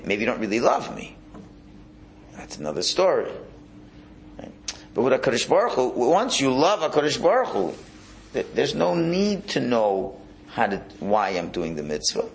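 Male religious teacher, gravelly, very expressive pitch, repeats himself while explaining. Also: a little hiss or hum. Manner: animated, repeats words, restarts phrases. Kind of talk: Hasidic Torah class.

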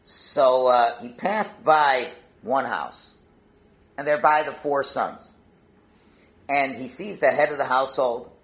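A man, a rabbi, giving a Torah talk, telling a Hasidic story and peppering it with Yiddish and Hebrew words, his volume swinging from hushed to loud. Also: medium pitch, takes it slowly.

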